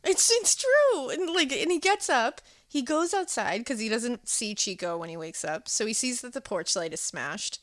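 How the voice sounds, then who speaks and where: A woman co-hosting a podcast, recapping a film in a casual, animated way and acting out the characters' lines. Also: a little high, normal speed, few pauses, no echo. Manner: animated, laughing, acting out quotes. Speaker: podcast co-host.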